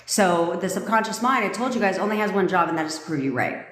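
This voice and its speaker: A woman's voice: fairly low pitch, expressive, quick pace, a bit bright. Sassy, profane woman coach in echoey room. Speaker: manifestation coach. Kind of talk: live-stream coaching talk. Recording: echoey room with long reverb.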